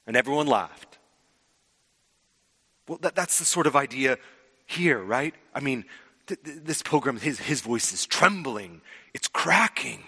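A man preaching a sermon, swinging from loud emphasis to hushed, drawn-out words. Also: mid-range voice, expressive, breathy edge. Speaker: pastor. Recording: long hall reverb.

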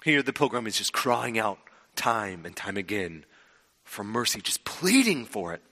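A man preaches a sermon in a bright, ringing voice. He pushes some words out loudly and lets others fall to a near-whisper. His voice carries a long reverb from a large hall. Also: on the low side, a little slow. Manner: expressive preaching, swings from loud to hushed. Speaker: pastor.

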